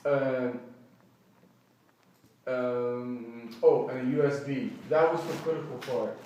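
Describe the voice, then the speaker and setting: An agitated man tells his story in a vivid rush, acting out what everyone said and often restarting his sentences. He sits some way from the mic. A very echoey room and faint noise surround his mid-pitched voice. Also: takes it slowly, far from the mic. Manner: animated, acts out quoted dialogue, restarts often. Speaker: person recounting an incident. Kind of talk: agitated first-person storytelling.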